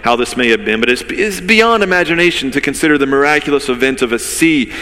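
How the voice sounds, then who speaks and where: A man's voice: medium pitch, expressive, fast talker, sharp tone. A man, a pastor, giving a conversational sermon with vivid storytelling and rhetorical questions. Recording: long reverb of a large hall.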